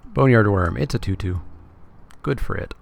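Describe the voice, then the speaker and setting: A man's voice: on the low side, moderate pace, creaky. A Canadian man giving casual, wry live commentary as he plays a card game and jokes with his chat. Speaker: streamer.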